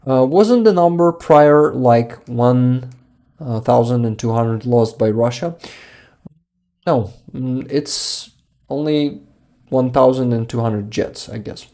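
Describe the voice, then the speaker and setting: Slow, mellow-voiced man on livestream. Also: medium pitch. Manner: halting, searches for words, many fillers. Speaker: livestream host reading chat. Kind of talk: casual livestream chat.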